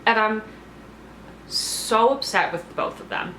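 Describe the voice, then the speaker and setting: A woman talking in a casual, expressive recap-vlog style, with lots of "like" fillers. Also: fairly high pitch, slow pace, background noise. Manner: chatty and expressive, with many fillers like "like". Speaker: TV reality show reviewer. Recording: roomy echo.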